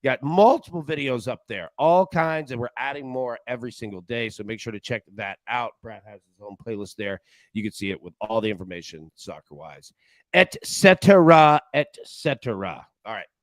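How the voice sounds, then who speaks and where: A man's voice: fairly low pitch, fairly quick, no echo. A man hosting a live sports betting show in casual chat, jokey and rambling, laughing often.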